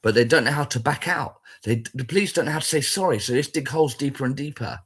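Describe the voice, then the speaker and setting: A man's voice: mid-range voice, quick pace, fairly bright tone, slightly rough. A man in a blunt, rambling, sweary casual rant that keeps repeating its points.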